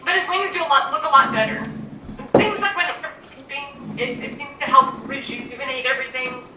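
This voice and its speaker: A woman acting as game master, narrating a tabletop game in a lively, descriptive way. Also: high-pitched, fast. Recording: roomy, distant mic, faint noise.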